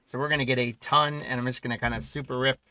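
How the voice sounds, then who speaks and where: A man's voice: mid-range voice, level tone, fast, pushed and bright, slight background noise, low-quality recording. A man hosting a live card-breaking stream, casually reading off names and teams and chatting with viewers while tearing into packs, with hiccups. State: has the hiccups.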